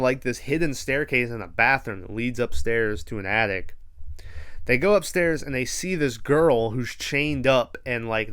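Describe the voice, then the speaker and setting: Podcast host, male, mid-pitched and smooth; rambling, easygoing recap with casual cursing. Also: fairly bright tone. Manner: laid-back, rambling, swears freely.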